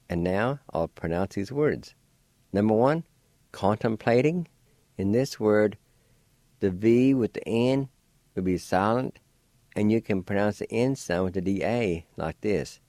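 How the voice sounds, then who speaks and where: Man, language teacher, very slow, patient, spells letter by letter, dry studio sound. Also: lowish voice, lively intonation, darkish tone, no room sound. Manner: encouraging. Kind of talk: slow spelling and pronunciation lesson. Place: radio studio.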